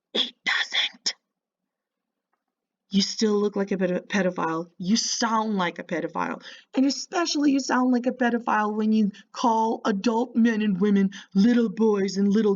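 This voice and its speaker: A woman's voice: medium pitch, highs cut off. A woman hosting a reaction video, mocking and insulting the person on screen with sarcastic commentary.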